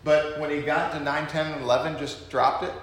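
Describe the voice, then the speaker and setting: A man leading an informal Bible study, talking in an animated way with many restarts and acted-out quotes. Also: fairly high pitch, a little fast. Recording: echoey room with faint noise.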